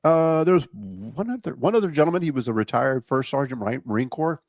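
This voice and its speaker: A man's voice: medium pitch, sing-song, fairly quick, a little mellow, no echo, clean studio sound. A man hosting a radio talk show, chatting casually and joking around by acting out silly phone calls.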